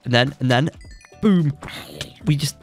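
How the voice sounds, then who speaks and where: A young man with a blocked nose, giving excitable, joking commentary while playing a game and yelping when surprised. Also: on the high side, measured pace, creaky, faint music behind. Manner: excitable, jokey boasting, yelps when surprised. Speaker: gaming YouTuber. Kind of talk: let's play commentary.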